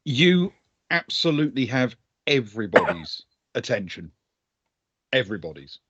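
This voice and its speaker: A man's voice: medium pitch, very animated, normal speed, a bit bright, breathy edge, dry recording. Guy running a tabletop game, chatty, um-heavy, lo-fi dry mic sound. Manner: chatty, laughing asides, many ums. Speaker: game master.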